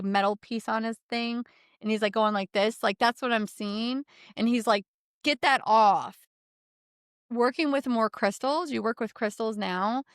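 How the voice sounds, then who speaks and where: Woman, energy healer giving a reading; smooth resonant tone, dry close sound, rambling chatty delivery. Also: medium pitch, dry recording. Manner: rambling, filler-heavy, laughing easily. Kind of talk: casual spiritual reading.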